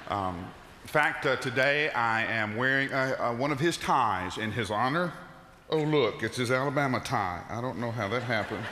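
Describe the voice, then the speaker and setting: Casting: middle-aged male pastor, bright and forceful tone, folksy sermon storyteller, reverberant church hall. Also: mid-range voice, lively intonation, moderate pace, a little hiss or hum. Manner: folksy storytelling with frequent "uh" fillers. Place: church sanctuary.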